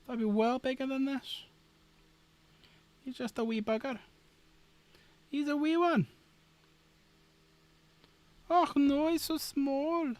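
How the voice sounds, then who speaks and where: A man's voice: extremely high pitch, little pitch movement, slow pace, long pauses, darkish tone, pitched above the performer's own voice. A man putting on a Scottish accent to play a fussing man cooing over something tiny. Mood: doting. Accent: Scottish (put on).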